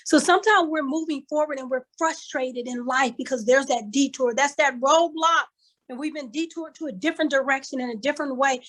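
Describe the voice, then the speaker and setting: A woman's voice: high-pitched, rough recording. An older woman from Kansas City giving a motivational talk as a conference speaker, telling a story with emphatic, repeated phrases like a preacher, heard over a video call. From Kansas City, USA.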